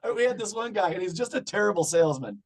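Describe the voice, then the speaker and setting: A middle-aged man in casual chat as a podcast guest, swearing often and breaking into loud rants. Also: high voice, animated, fast talker. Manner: profane, ranting, loud bursts.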